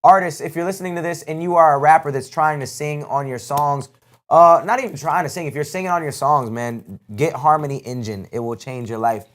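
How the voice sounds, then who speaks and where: A man hosting a live music review show, giving blunt, casual critiques in relaxed slang. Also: fairly high pitch, brisk. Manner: blunt, laid-back slang.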